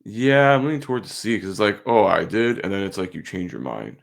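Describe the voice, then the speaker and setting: Young dude cohost, swears a lot, rambly with restarts, gravelly low voice, really lively intonation. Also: male voice, quick pace. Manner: loose, swears a lot, laughs easily, lots of "like" and restarts. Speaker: podcast co-host. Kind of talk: casual chat.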